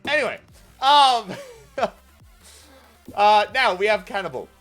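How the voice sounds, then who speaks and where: A young man hosts a relaxed livestream chat with a bright, ringing voice that swoops up and down a lot. He reads viewer messages aloud, fills the gaps with ums and uhs, and keeps breaking into giggles. Soft music plays faintly under him. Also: medium pitch, normal speed. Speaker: streamer host. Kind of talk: casual stream chat.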